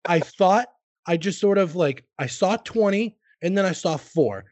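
A man's voice: high-pitched, animated, a little slow, a little mellow, a little hiss or hum. A man hosting a podcast, telling rambling, self-deprecating stories in casual chat and swearing freely. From United States. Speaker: streamer and podcast host.

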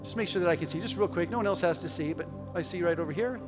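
Racing through his sermon over background music, a pastor with a fairly high voice tells stories earnestly and builds to emphatic exhortation, pressing his listeners before settling into prayer. The altar call and prayer echo with the long reverb of a large sanctuary.

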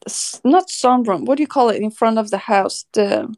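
A woman animal services officer recounts a story in a casual podcast chat, her voice sitting high. She laughs often as she goes, and the sound is close and dry. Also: normal speed, a little mellow, no room sound.

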